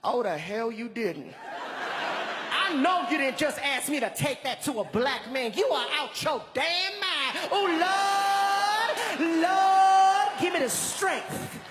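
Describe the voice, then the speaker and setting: A man on a comedy stage acting out a loud, sassy woman friend who scolds and shouts in exasperation. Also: extremely high pitch, lively intonation, takes it slowly, pauses often, heavy background noise, pitched above the performer's own voice, heavily acted. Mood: outraged. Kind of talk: stand-up act-out. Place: large live comedy venue. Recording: live stage mic in a reverberant venue with loud crowd ambience.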